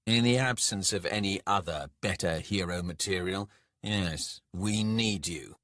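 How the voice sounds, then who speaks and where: A man voicing gruff, impatient male dwarf lords for an audiobook, loud, swearing and scornful. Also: low voice, measured pace, dry recording, clean studio sound. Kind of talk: audiobook character voice.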